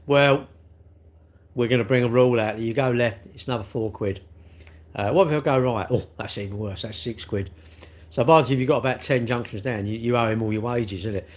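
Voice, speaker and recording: A middle-aged man, chatting casually on a live stream and teasing viewers about their comments. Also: medium pitch. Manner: jokey, teasing banter with chat.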